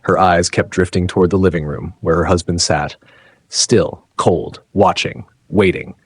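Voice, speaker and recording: A man narrating a dramatic story in a slow, suspenseful delivery. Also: low voice, steady tone, slightly rough.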